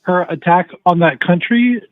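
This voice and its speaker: Man from ecuador, radio caller, earnest, halting, high voice, thin phone sound. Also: no echo. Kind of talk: call-in radio talk. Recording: tinny phone line.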